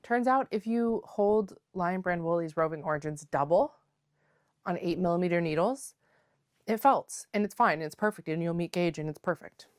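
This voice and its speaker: Chatty woman vlogger, low voice, dry sound. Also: moderate pace, no echo. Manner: chatty, rambling, lots of "like" fillers; playful, calls viewers besties. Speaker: knitting vlogger. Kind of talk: casual chat. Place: at home.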